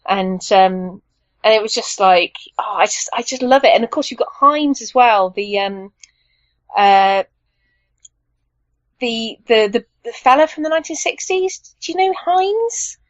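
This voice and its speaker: A woman's voice: medium pitch, animated, unhurried, no room sound, lo-fi sound. A woman guest on a podcast, chatting enthusiastically and rambling with plenty of fillers. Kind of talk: casual chat.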